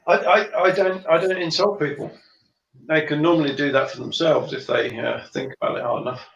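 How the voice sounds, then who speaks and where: Gravelly wry man on echoey audio. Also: on the high side, brisk, fairly bright tone. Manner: dry, wry humour. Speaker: guest. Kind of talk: casual chat. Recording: echoey, dull remote audio.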